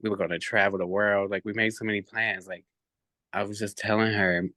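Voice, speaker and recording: A man with a lowish, bright, forward voice tells a personal story as a podcast guest. He talks in an animated way, filling gaps with "like" and "um" and acting out what others said. The sound is close and dry. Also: a little fast, no room sound. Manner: animated, many fillers and reported speech.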